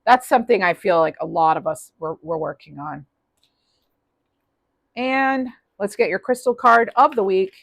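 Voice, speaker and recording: A woman's voice: medium pitch, expressive, moderate pace, creaky, dry recording. A woman giving a casual, upbeat tarot reading, chatty with many restarts. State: clearing throat, losing voice. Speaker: tarot reader.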